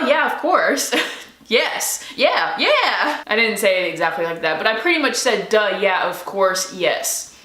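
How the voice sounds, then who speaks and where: A young woman vlogger excitedly telling a personal story to the camera in a chatty, animated way. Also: mid-range voice, reverberant.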